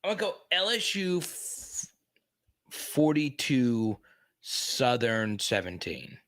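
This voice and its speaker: Guy hosting a chill livestream, bright punchy voice, dry close sound, gets loud greeting chat. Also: mid-range voice, takes it slowly, no room sound. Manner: excitable, greets chatters loudly, many restarts. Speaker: host.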